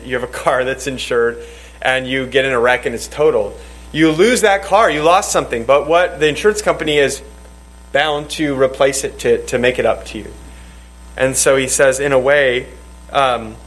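A man's voice: mid-range voice, low-quality recording. A man leading a church Bible study. He teaches in a rambling way, restarts his sentences often and quotes scripture. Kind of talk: teaching and leading group discussion.

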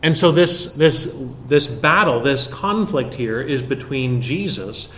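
A man preaching an expository sermon, explaining a Bible passage verse by verse with frequent pauses. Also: medium pitch, animated, fairly bright tone.

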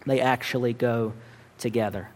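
A man's voice: mid-range voice, fairly even intonation, normal speed, darkish tone. A man preaching a sermon earnestly, with emphatic rises in his voice. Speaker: pastor. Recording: long reverb of a large hall.

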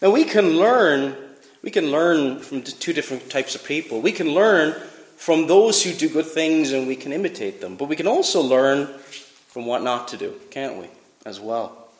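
A man's voice: fairly high pitch, lively intonation, moderate pace. Emphatic preacher man in echoey hall. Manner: emphatic, rhetorical questions, reads scripture aloud. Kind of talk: sermon.

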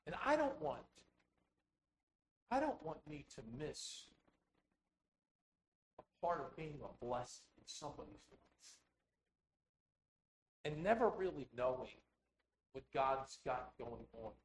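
A man preaching a sermon, telling rambling personal stories full of quoted dialogue in an animated way. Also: a little high, slow, pauses often, slight background noise, low-quality recording. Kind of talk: sermon storytelling.

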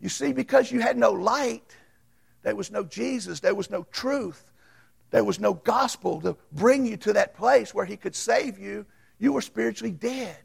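Baptist preacher guy, high-ish raspy voice, tells folksy stories, loud then whispery. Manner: folksy storytelling preacher, swings from loud to hushed. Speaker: Baptist pastor. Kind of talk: sermon.

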